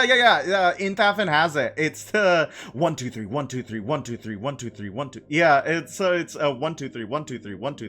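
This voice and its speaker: A man's voice: fairly high pitch, bright, forceful tone. A man live-streaming a game, chatting playfully with his chat, laughing and repeating phrases. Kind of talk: casual live-stream chat while gaming.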